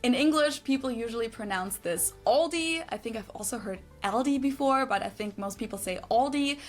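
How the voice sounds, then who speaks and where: A woman's voice: fairly high pitch, faint music behind. A woman from Germany with a German accent, narrating a scripted explainer and carefully repeating pronunciations. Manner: precise, instructive, repeats pronunciations slowly. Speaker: explainer in a clip being reacted to. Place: lives in the US.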